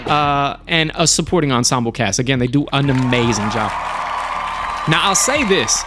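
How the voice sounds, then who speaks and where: A man hosting a live stream and reviewing shows in a relaxed, chatty way, cursing casually and often restarting his sentences. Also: medium pitch, normal speed, loud music behind the voice. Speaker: streamer and show host.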